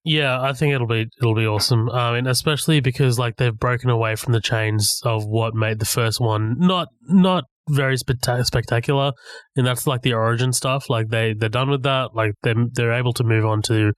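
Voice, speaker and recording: A man co-hosting a casual film podcast, measured as he adds details and corrections. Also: medium pitch, fairly even intonation, no echo, studio quality. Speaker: podcast co-host. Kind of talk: casual pop-culture chat.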